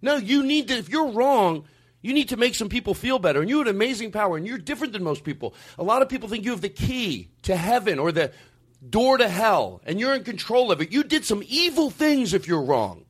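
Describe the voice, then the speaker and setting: A man hosting a podcast, delivering a comedic, profane rant in casual chat. His voice sits high for a man and swoops all over the place. He hammers his points home with heavy emphasis. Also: very animated, fairly quick, slightly rough.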